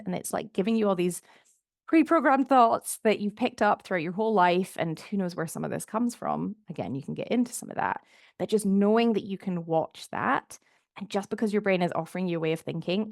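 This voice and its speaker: Chatty woman with a gravelly edge. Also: mid-range voice, no echo, studio quality. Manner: chatty, encouraging, many "like" fillers. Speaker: podcast host and goal coach. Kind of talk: casual solo podcast monologue.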